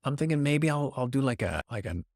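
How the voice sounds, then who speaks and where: Man, podcast host, rambling jokey talk, bouncy pitch, dry close mic. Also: lively intonation, brisk, darkish tone, dry recording. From Canada. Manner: rambling, joking, self-deprecating. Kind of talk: casual comedic news talk. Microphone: podcast microphone.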